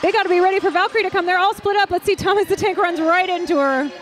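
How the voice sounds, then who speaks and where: A woman announcing roller derby live, excitable and gushing. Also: very high voice, rapid-fire. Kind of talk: live sports commentary.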